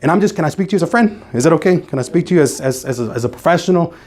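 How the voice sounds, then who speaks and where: A man's voice: a little high, lively intonation, rapid-fire, a little mellow. A man giving a motivational speech to a live audience in a meeting room, emphatic and repeating phrases for effect. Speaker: motivational speaker.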